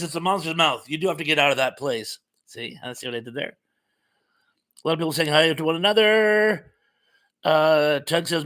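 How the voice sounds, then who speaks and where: A man's voice: on the high side, pushed and bright. A middle-aged man from Massachusetts hosting a casual live chat, reading viewers' comments aloud and adding jokey asides. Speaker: livestream host.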